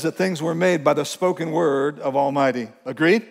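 Earnest pastor preaching in a reverberant hall. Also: male voice, on the high side, gravelly. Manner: earnest, emphatic, reads scripture slowly. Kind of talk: sermon. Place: church sanctuary. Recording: long reverb from a large church hall.

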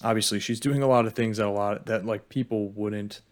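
A man's voice: lowish voice, fairly even intonation, brisk. A man co-hosting a casual podcast chat, thinking aloud with hesitant fillers. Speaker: podcast co-host.

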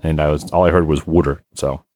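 A man's voice: extremely low pitch, fairly even intonation, fast talker, a little mellow, no echo. A man hosting a podcast, chatting casually in a rambling, laid-back way with many fillers. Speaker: podcast host. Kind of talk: casual chat.

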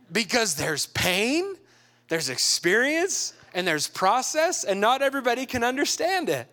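A man giving a sermon who talks casually and acts out quoted people with lively shifts in voice. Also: extremely high pitch, measured pace. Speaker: pastor.

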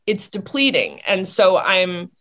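Woman, teacher, casual chat, reflective, mid pitch. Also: sing-song, slow, a bit bright.

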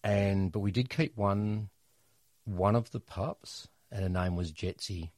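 A middle-aged Australian man telling funny family stories in a casual, animated way. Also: on the low side, slow, no room sound, studio quality. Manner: animated, jokey storyteller. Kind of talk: casual storytelling chat.

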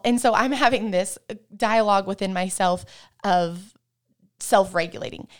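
A woman's voice: mid-range voice, steady tone, normal speed, clear, resonant tone. A woman guest explaining parenting with a faith angle, easygoing and affirming, with frequent agreeing murmurs. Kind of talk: casual faith-based parenting chat.

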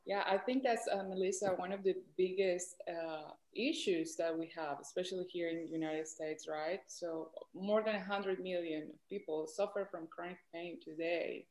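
A woman's voice: fairly low pitch, fairly even intonation, normal speed, hardly any pauses, a little mellow. Colombian-accented woman doctor in an echoey room. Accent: Colombian Spanish. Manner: patient, explanatory, with fillers. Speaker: doctor guest. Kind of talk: explaining in an interview.

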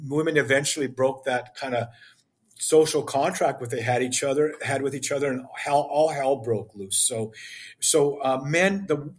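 A man's voice: mid-range voice, slightly rough. An older man as a podcast guest, speaking with passion in an emphatic, preachy way. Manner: emphatic, preachy, acts out dialogue. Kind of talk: impassioned interview talk.

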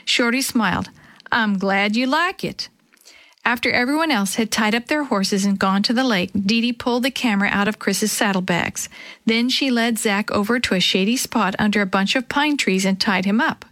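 A woman reading a children's chapter book aloud, telling the story gently and lightly voicing the characters. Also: mid-range voice, moderate pace, no echo. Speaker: storybook reader.

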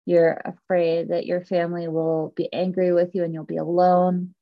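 A woman coaching a client, calmly reflecting back her fears and guiding her through a belief exercise. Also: fairly low pitch, normal speed, highs cut off. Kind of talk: coaching session.

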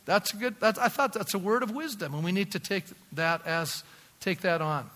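A man preaching a sermon as pastor, emphatic and building to shouts, calling for amens from the congregation. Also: high voice, normal speed, big-room sound.

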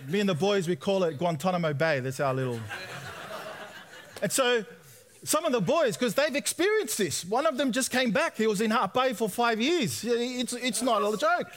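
A man's voice: high voice, normal speed. A young man preaching, telling his own story and acting out the voices in it. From Australia. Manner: animated storyteller, acts out quoted voices. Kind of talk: sermon testimony.

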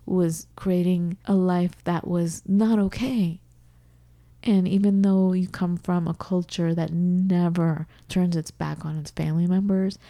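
A middle-aged woman co-hosting a podcast, earnestly walking through a self-affirmation exercise with soft laughs and whispered asides. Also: lowish voice, no echo. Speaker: podcast co-host. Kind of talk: casual podcast talk, demonstrating an exercise. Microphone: studio microphone.

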